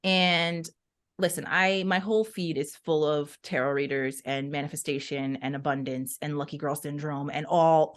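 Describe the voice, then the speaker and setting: With a lowish voice, a young woman co-hosting a podcast tells stories expressively in casual conversation, sprinkling in plenty of "like" and "right?".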